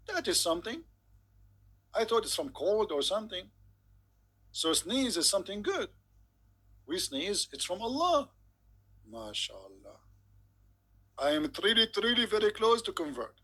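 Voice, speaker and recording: A man's voice: sits high, sing-song, a little slow, long pauses, pushed and bright, husky. A man giving a sarcastic, mock-incredulous comedic monologue. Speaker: comedic commentator.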